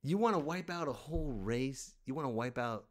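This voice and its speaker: A man's voice: mid-range voice, animated, normal speed. A man hosting a comedy podcast, delivering a sarcastic, exasperated rant and laughing at his own jokes. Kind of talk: stand-up style comic rant.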